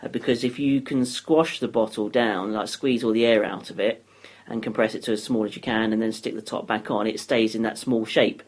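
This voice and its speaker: A man's voice: lowish voice, steady tone, fairly quick. A man hosting a casual radio chat, joking and chatty with his guest. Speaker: radio host.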